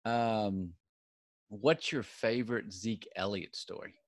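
Low-voiced casual male host. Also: steady tone, slow pace, no room sound, studio quality. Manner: casual, calls the guest dude and bro. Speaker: podcast host. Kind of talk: casual interview.

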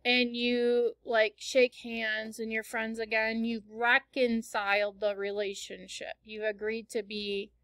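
Patient high-voiced woman teacher. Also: flat delivery, slow, few pauses, fairly bright tone, clean tone, no echo. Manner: patient, explains words with examples. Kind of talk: classroom read-aloud lesson.

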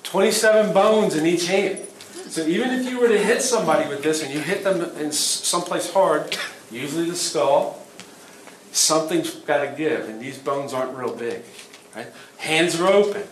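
A middle-aged man teaches a self-defense class in a plain, practical way, checking in with quick questions. His voice sits a bit high for a man. He is picked up from a distance in a reverberant room with faint background noise. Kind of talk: workshop teaching. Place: event hall. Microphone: distant room mic. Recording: echoey hall from far off, faint noise.

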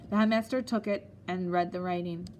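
A woman narrating an audiobook in a steady, measured storytelling manner. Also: on the low side, a little hiss or hum.

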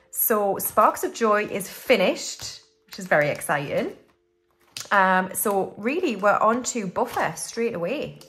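Slight background noise accompanies a British budgeting channel host whose medium-pitched voice sounds a bit bright. Chatting casually, she counts cash out loud and talks herself through every step of stuffing it.

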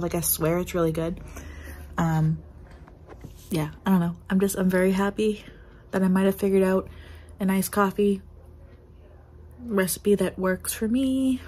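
In her home vlog, a twenty-something woman chats away in a lowish, warm voice with a breathy edge. The rough recording catches her bubbly, rambling style and frequent fillers as she talks indoors.

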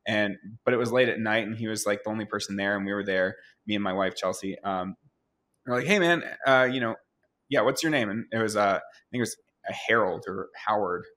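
A man in his thirties, a guest artist telling stories in a relaxed, rambling way, full of fillers. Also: lowish voice, brisk. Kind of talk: casual storytelling interview.

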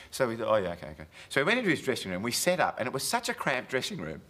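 Animated man telling a comic story. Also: fairly low pitch, quick pace, hardly any pauses. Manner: animated storyteller, acts out quotes, laughs often. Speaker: comedian and talk show guest. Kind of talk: anecdotal storytelling on a TV chat show. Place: television studio. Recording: noisy 1980s TV broadcast audio.

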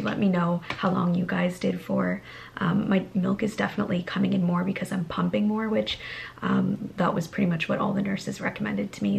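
Young woman vlogger, soft half-whisper. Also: normal speed, creaky, slight background noise. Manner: high sing-song baby talk to infants. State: sleep-deprived. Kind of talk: casual vlog. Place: at home.

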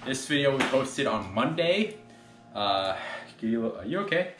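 A man's voice: mid-range voice, sing-song, moderate pace, music in the background. A young man casually vlogging at home with friends, rambling, swearing and laughing a lot. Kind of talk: casual vlog chat with friends. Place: indoors at home, bedroom. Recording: echoey room, faint noise.

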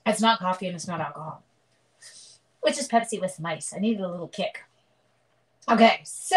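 A woman's voice: lowish voice, moderate pace, long pauses, low-quality recording. A middle-aged woman casually demonstrating card making on a live stream, chatting and greeting viewers by name as she works.

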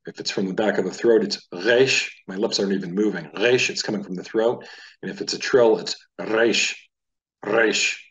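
Low-voiced man teaching Hebrew sounds. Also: quick pace, distant mic, poor audio. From United States. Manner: relaxed, conversational, demonstrates sounds aloud. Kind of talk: casual spoken lesson.

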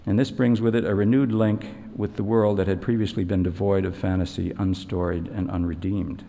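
A man giving an evening lecture, explaining in a measured way and retelling a fairy tale. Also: deep voice, little pitch movement, vocal fry, warm tone, big-room sound.

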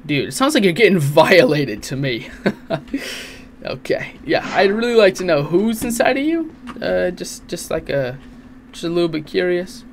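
A young man giving casual, crude, jokey let's play commentary on a horror game, swearing often and reacting loudly. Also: high-pitched, big pitch swings, normal speed, slight background noise. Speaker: gaming channel host.

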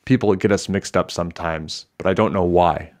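A man's voice: deep voice, moderate pace, a little mellow, close to an everyday voice. A man voicing a grumpy, irritated male getaway driver in a storybook reading. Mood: plain. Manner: gruff, irritated.

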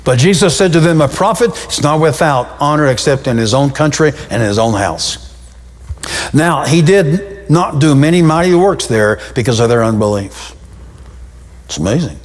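A male pastor delivering a sermon in a fairly high voice that swings widely in pitch, jumping up for emphasis and sinking low. His pace speeds up and slows down as he drives points home. The sound carries the long reverb of a church hall. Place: church sanctuary.

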